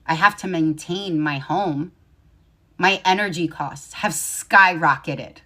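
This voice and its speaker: A woman's voice: lowish voice, slow, sharp tone. A woman in a played video giving opinion commentary with a sarcastic, mock-sympathetic edge.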